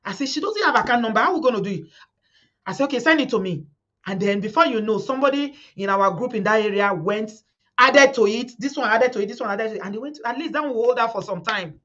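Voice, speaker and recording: Talking fast with lively intonation, this middle-aged Nigerian woman runs a live community stream and addresses her viewers fervently. She repeats words and quotes the people she discusses. Her fairly high voice is a bit bright, and the recording has its highs cut off.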